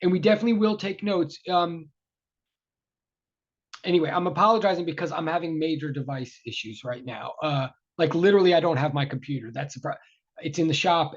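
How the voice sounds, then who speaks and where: A university lecturer opens a dull online class over a video call, using his tablet's microphone. His voice runs high, and he comes across apologetic, flustered and chatty, full of fillers and restarts.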